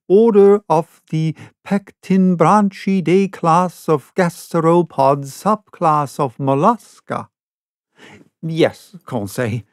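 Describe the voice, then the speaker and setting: A man voicing an excited, learned male naturalist in an audiobook reading, with a raised, exclaiming delivery. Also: on the high side, dry recording, clean studio sound, pitched above the performer's own voice. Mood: triumphant.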